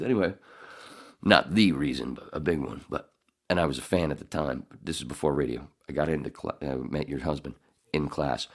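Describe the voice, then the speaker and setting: A middle-aged man hosting a podcast in casual chat, rambling and swearing, often laughing. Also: sits low. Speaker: podcast host.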